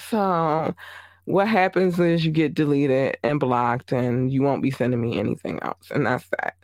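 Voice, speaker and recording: A woman's voice: low voice, unhurried, a little mellow, dry recording. A woman in her thirties hosting her own podcast, talking bluntly in a sassy, venting monologue. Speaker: podcast host.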